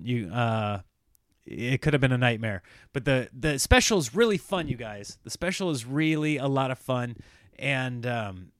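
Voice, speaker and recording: A man's voice: medium pitch, no echo, clean studio sound. A man hosting a solo podcast in a casual, rambling, self-mocking way, often laughing at himself. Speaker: podcast host.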